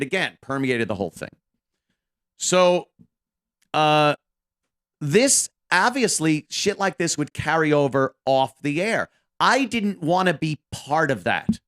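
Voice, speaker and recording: A man's voice: high voice, a bit bright. A man in his fifties, a radio co-host, talking casually with profane, rambling, self-deprecating asides. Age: 50s. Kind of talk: casual monologue about his career.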